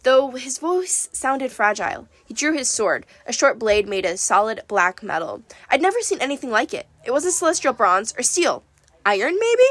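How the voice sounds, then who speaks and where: A woman narrating a first-person story in a wry, lively way. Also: on the high side, moderate pace, dry recording. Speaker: audiobook narrator.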